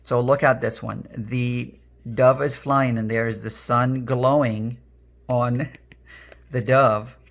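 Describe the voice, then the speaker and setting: A man with a raspy, strained voice giving an earnest pick-a-card reading, repeating phrases with many fillers. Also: medium pitch, steady tone, slow pace. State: emotional, voice strained. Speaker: energy worker and tarot card reader.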